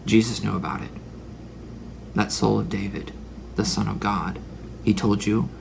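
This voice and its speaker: A man's voice: on the low side, little pitch movement, a little slow, gravelly, background noise. A man in his forties delivering a religious monologue, dramatic, sometimes dropping into whispered asides. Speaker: religious speaker. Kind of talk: preaching monologue.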